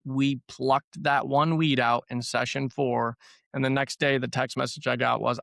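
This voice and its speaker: A man's voice: mid-range voice, flat delivery, unhurried, vocal fry, a bit bright, no echo, studio quality. A man who works as a trauma therapy practitioner, talking casually on a podcast and repeating words for emphasis.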